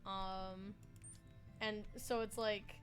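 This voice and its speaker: A woman's voice: medium pitch, flat delivery, drawn-out words, faint music behind. A woman in her twenties chatting casually while playing a game on stream, rambling and giggly. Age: 20s. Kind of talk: casual gaming chat.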